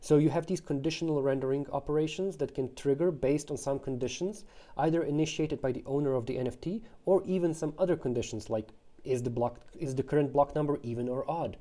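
Dark-voiced man explaining a protocol. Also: fairly high pitch, fairly quick. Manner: thoughtful, explains with analogies, frequent fillers and restarts. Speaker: protocol founder explaining his project. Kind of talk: explanatory talk to camera.

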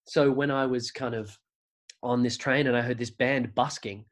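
A man from Australia, a podcast creator with an Australian accent, chats casually as an interview guest and rambles through stories, frequently starting over. He speaks at a normal speed in a steady, mid-range voice.

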